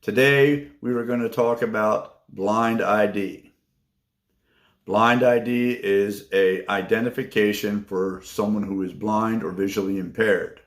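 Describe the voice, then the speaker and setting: A man hosts his own vlog and tells a personal story at an unhurried pace. He talks in a halting way and fills pauses with ums and uhs. His voice has a gravelly rasp and a roomy echo. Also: fairly low pitch. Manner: slow and halting, many fillers. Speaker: channel host.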